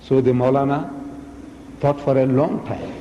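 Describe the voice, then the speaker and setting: A man giving a lecture, telling a story with lively acted-out dialogue. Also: mid-range voice, unhurried, reverberant, big-room sound, highs cut off, slight background noise. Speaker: speaker.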